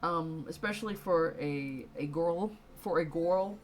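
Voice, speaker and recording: A woman's voice: on the low side, measured pace, darkish tone, slight background noise. A young woman streaming, congested and tired, chatting loosely with viewers and laughing often. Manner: rambling, frequent laughs and fillers. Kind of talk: casual chat with stream viewers. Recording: faint music behind.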